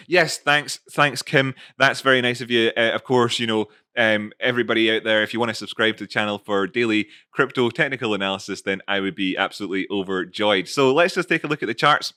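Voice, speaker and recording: A man's voice: on the low side, a little fast, few pauses, sharp tone, clean tone, no room sound, studio quality. A man hosting his own show in a casual, playful way, often laughing. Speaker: host. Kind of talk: casual chat.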